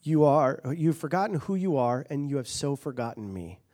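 A man voicing a wise, commanding lion king father spirit in a deep solemn voice. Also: sing-song, normal speed, warm tone.

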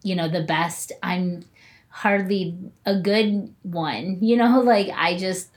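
A young woman with a lowish voice chatting casually. She laughs often and swears freely. She talks in a loose, relaxed flow as a martial arts student. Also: slow. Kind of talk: casual chat.

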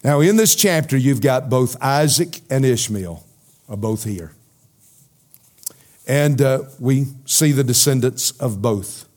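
A middle-aged man delivering a sermon at an unhurried, deliberate pace. His voice sits in a middle register and turns emphatic, then drops low and soft for his key points. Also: expressive. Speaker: preacher. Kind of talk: sermon with questions from the congregation.

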